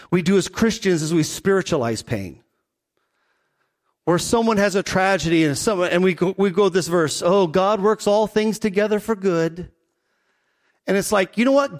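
A middle-aged man, a pastor, preaching a conversational sermon and slowing down on key points. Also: high-pitched. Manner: conversational preaching, slows for emphasis.

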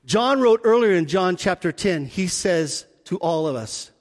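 A high-pitched man preaching a sermon in a church. He tells the story with animated energy and sinks to a near hush for emphasis. His voice carries a long reverb through the sanctuary. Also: normal speed, few pauses. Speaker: pastor.

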